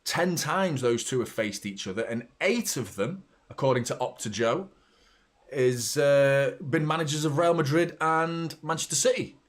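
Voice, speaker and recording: A middle-aged man, hosting a live football watchalong, chatting and reacting loudly to the play, with some swearing. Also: on the high side, lively intonation, normal speed. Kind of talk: live match watchalong commentary.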